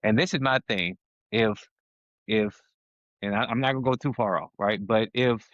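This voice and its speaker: A man's voice: fairly low pitch, normal speed, fairly bright tone, no room sound. A man co-hosting a podcast in casual conversation, talking emphatically and often restarting his sentences as he gets heated. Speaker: podcast co-host. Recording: dull, lo-fi and dry.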